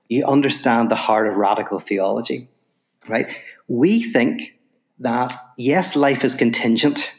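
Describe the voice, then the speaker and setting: A male philosopher, a guest on a podcast interview, tells a story and explains ideas in quick, animated bursts. He often adds "right?" asides, and his voice sits at a medium pitch.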